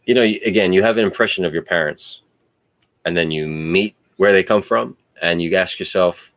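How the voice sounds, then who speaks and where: Male storyteller, very low voice, animated and profane, dry recording. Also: normal speed, no echo. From United States. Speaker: podcast host. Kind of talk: casual personal storytelling.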